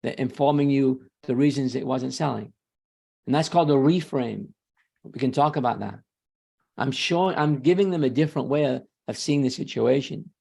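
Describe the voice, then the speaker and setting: Gravelly self-assured man. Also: mid-range voice, dark tone. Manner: confident, emphatic, quick self-corrections. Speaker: real estate sales trainer. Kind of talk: guest talk on a sales webinar.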